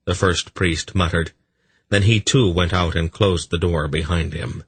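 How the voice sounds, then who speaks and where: A man narrating an audiobook in steady, even storytelling with a husky voice. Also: sits low, moderate pace, dry recording, low-quality recording. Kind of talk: scripted narration.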